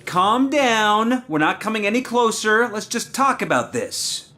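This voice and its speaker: A level-headed game hero talking someone down, soothing and reasonable, in a bright voice with lively pitch. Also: measured pace. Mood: calming. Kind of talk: video game voice acting.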